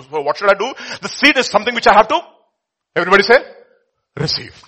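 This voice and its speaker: Emphatic, high-voiced male preacher. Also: very animated, fast talker, long pauses, pushed and bright, breathy edge. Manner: emphatic, asks the congregation questions. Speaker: pastor. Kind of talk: sermon.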